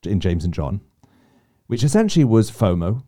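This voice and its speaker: A man's voice: on the low side, very animated, moderate pace, warm tone. A man co-hosting a casual faith discussion, reflective and often restarting his sentences. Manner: reflective, self-interrupting. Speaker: podcast co-host.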